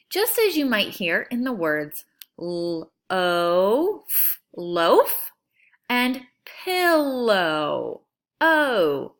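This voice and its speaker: Woman teacher, children's phonics lesson, slow delivery, pitch rising and falling a lot. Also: fairly bright tone. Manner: slow, stretched-out sounding of words.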